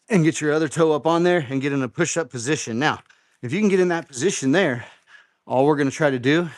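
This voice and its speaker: A middle-aged man coaches a home workout live, with a middling pitch and plenty of encouragement. He repeats his cues and keeps the instructions simple. His voice sounds dry and close. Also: no echo. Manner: encouraging, repeats instructions, counts reps aloud. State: out of breath after exercise. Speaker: fitness coach and live show host.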